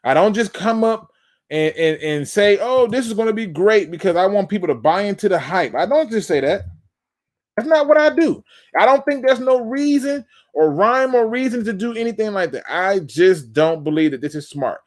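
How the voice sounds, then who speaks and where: Fired-up sports talk host, high voice. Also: male voice, lively intonation, moderate pace. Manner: emphatic, repetitive, fired-up; addresses the audience as "y'all". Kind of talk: live sports talk show, breaking down game film.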